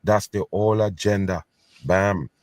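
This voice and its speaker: A man's voice: fairly low pitch, fairly even intonation, a little slow, over a noisy crowd. A man hosting a video in which he reacts to news clips. He talks in an emphatic, scornful tone and keeps telling his viewers to pay attention. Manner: scornful, conspiratorial. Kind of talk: casual commentary.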